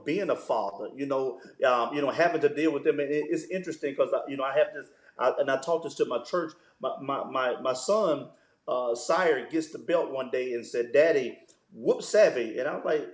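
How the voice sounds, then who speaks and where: A man, a pastor, talking about fatherhood in a relaxed interview, telling stories and using "man" as a filler. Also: a little high, moderate pace, roomy sound. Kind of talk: conversational interview.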